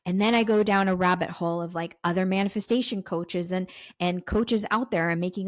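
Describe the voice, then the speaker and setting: A woman's voice: on the low side, fairly even intonation, normal speed, no room sound, clean studio sound. A young adult woman hosting a podcast, in a raw, emotional confessional monologue. She swears, repeats herself, and says her throat is sore. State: throat sore while sharing. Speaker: podcast host and self-love coach.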